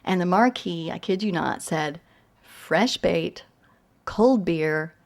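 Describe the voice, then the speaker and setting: A woman's voice: fairly low pitch, slow pace, creaky. A Southern woman from Tennessee, a novelist telling funny, self-deprecating stories at a reading. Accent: Southern American. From East Tennessee. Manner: chatty, self-deprecating, with frequent fillers and laughs. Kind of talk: humorous storytelling talk.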